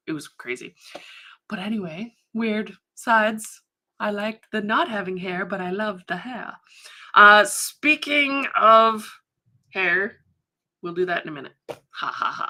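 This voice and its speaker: A woman's voice: mid-range voice, unhurried, sharp tone. A woman hosting her studio livestream, chatting casually, reading viewer comments and getting easily sidetracked with frequent laughs.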